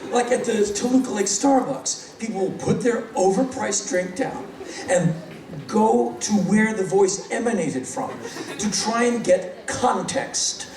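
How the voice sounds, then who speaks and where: A man performing live stand-up storytelling, animated and sardonic, acting out other people's voices. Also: high voice, a little slow, noisy background. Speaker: spoken-word performer. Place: large hall on stage. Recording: roomy live hall, distant mic. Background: audience laughter.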